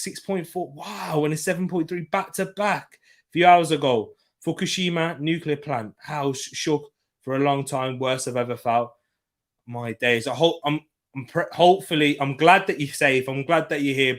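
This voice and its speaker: Young man, bright forceful voice, live football watchalong host who swings from shouting at the ref to relaxed chat with viewers. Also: on the high side. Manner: shouts at referee decisions, then chats calmly with viewers. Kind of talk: live match commentary and chat reading.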